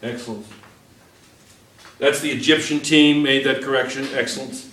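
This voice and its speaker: A man's voice: mid-range voice, steady tone, normal speed, a bit bright, distant mic, a little hiss or hum. A man teaching a physics class, joking and teasing his students as he works through problems. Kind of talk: classroom lesson. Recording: echoey classroom.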